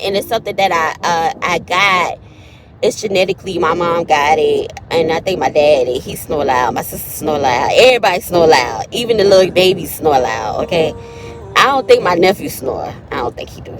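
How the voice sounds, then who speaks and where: Low-voiced chatty woman with a cold. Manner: chatty, addresses viewers as y'all and honey. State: has a cold. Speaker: vlogger. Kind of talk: casual storytime chat.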